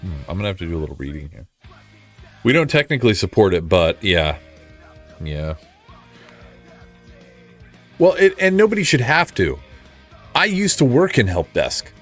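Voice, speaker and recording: A man's voice: on the low side, sing-song, normal speed, long pauses, fairly bright tone, faint music behind. A man streaming casually, rambling and frustrated, mocking himself as he chats with viewers. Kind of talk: casual live-stream chat.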